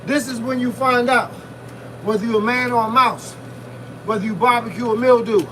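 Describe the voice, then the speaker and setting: Male boxing coach, high voice, blunt pep talk mid-workout, distant phone mic, wind noise. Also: steady tone, normal speed. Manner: loud, punchy motivational talk with shouted breaths. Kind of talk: live-streamed workout talk. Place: outdoors in freezing wind. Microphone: phone camera set at a distance.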